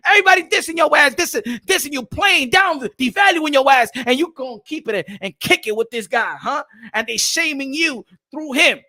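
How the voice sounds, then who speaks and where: A man hosting a boxing channel, ranting to camera in a loud, repetitive, trash-talking way and keeps asking "huh?". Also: very high-pitched, expressive, moderate pace, few pauses. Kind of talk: casual rant to camera.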